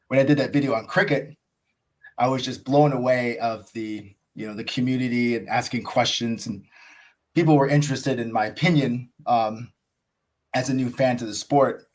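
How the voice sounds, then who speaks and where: Enthusiastic American man, chatty podcast guest. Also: medium pitch. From USA. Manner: enthusiastic, rambling, heavy use of "like" and "you know". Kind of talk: casual interview storytelling.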